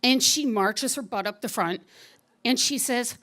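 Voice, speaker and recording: A woman telling a true story on stage at a live story slam, lively and wry, often laughing as she talks. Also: fairly high pitch, a little slow.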